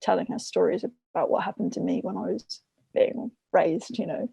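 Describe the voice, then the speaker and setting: Chatty woman with a gravelly, husky voice. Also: on the low side, normal speed, mellow, no room sound. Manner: chatty, retells stories with quoted voices; many fillers and restarts. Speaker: podcast guest, parent and trainer. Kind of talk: casual conversation.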